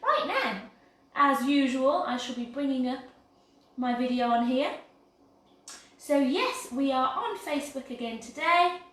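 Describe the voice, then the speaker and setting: Brief: cheerful English woman, high voice, baking livestream host, far from laptop mic, faint room noise. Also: measured pace, heavy reverb. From England. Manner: bubbly, chatty, self-mocking. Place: home kitchen. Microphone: laptop mic from across the room.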